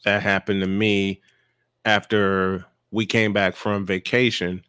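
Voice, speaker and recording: A man from Chicago with a fairly low voice, telling sports stories in an emphatic, opinionated way. His voice is recorded close and dry, with no room sound. He chats like a regular host of the show. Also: flat delivery, takes it slowly, a bit bright, smooth, no echo. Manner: emphatic, tells stories with lots of affirming fillers. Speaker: podcast co-host. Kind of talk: casual sports chat.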